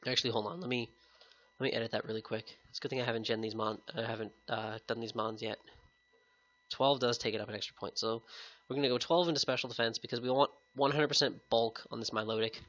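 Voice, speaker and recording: A man's voice: mid-range voice, steady tone, fast talker, fairly bright tone, muffled recording. A man with a sick-sounding voice giving casual, upbeat gameplay commentary to his viewers. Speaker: competitive game YouTuber. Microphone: headset.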